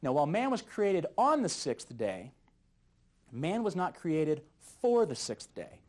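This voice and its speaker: A man teaching a youth Bible study lesson in a jokey, animated way, often chuckling at his own jokes. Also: fairly high pitch, a little slow.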